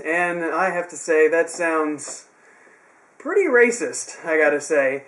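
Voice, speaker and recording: A young man with a fairly high voice talks through his review in a loose, rambling way. He drops dry, sarcastic asides as he goes. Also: expressive, slow, a bit bright. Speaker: wrestling show reviewer. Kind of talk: casual recap.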